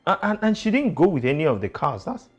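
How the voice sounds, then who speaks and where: A man's voice: sits low, lively intonation, slow, warm tone, breathy edge, faint music behind, full character voice. A man playing a stammering worried boyfriend. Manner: anxious, stammering. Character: worried man searching for his girlfriend.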